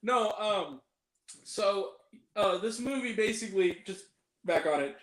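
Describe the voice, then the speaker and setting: A chatty man with a high voice hosts a loose film review, tossing in jokey asides as he goes. His voice rings in an echoey room. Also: animated, measured pace. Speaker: host. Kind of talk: casual film review chat.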